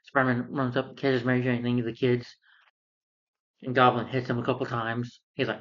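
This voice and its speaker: A man's voice: medium pitch, flat delivery, a little fast, fairly bright tone. Man recapping a film, muffled audio. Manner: rambling, with fillers. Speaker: film reviewer.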